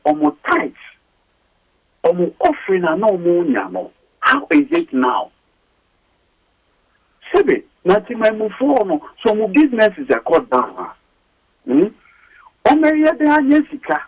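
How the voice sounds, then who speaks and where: A man with a Ghanaian accent giving emphatic radio talk as a lawyer guest, repeating his points with sharp rises. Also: sits high, big pitch swings, measured pace, long pauses, breathy edge, low-quality recording. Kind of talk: animated radio talk mixing English and Twi. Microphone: studio mic.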